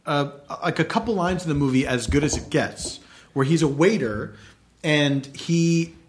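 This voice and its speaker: A man's voice: fairly high pitch, moderate pace. A man in a comedy podcast, telling an amused anecdote in casual chat.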